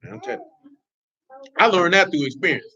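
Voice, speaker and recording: A man's voice: fairly high pitch, expressive, quick pace, sharp tone, slightly rough. A man giving informal, blunt religious teaching in streetwise slang, with laughing asides. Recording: dull lo-fi recording.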